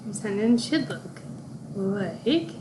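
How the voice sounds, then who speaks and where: A woman teacher talks young children through their worksheet answers at an unhurried pace. She is deliberate and careful, spelling out each punctuation mark as she goes. Steady background noise runs clearly under the home-made recording. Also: medium pitch. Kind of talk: recorded classroom lesson walkthrough.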